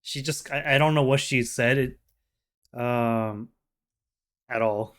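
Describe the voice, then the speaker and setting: A man hosting a casual reaction video, explaining slowly with plenty of fillers into a desk microphone. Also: medium pitch, a bit bright, slight background noise.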